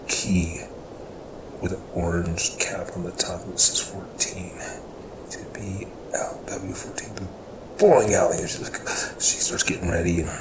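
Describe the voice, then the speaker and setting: A man with a fairly low voice tells a story in an easy, rambling way. He jumps up into a higher pitch whenever he quotes one of his characters. There is steady noise in the background. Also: roomy sound. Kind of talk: casual spoken storytelling.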